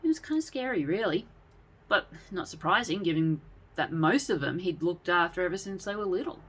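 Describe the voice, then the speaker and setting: Female narrator, expressive storybook read, animated pitch. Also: brisk, breathy edge.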